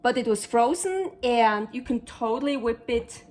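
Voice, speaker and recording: A woman's voice: fairly high pitch, expressive, normal speed, darkish tone. A woman hosting a casual cooking vlog, chatty and enthusiastic as she thinks aloud. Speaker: cooking channel host.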